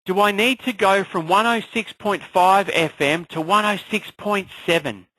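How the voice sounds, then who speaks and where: A man coaching an online class in an energetic motivational style, firing off rhetorical questions. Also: high voice, normal speed, dry recording, poor audio. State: clearing a frog in his throat. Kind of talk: motivational live class talk.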